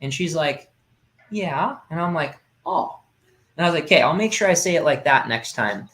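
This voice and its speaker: A man's voice: on the high side, animated, fairly quick, a bit bright. Chatty man in a roomy space. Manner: rambling, many fillers and restarts. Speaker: podcast host. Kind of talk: casual conversation. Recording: roomy echo.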